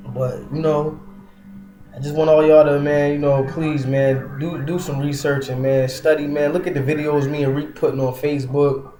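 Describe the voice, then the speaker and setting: A man giving a casual religious monologue online, soft in tone but emphatic and scolding, full of fillers like "man" and "you know". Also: fairly high pitch, roomy sound. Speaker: online preacher.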